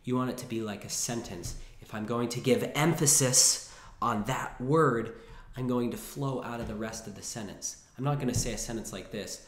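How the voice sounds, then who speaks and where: A man's voice: mid-range voice, fairly quick. Man teaching piano in an echoey room. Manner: chatty, thinks aloud with restarts, sings phrases between words. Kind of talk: casual piano lesson. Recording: roomy echo with piano. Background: piano played between phrases.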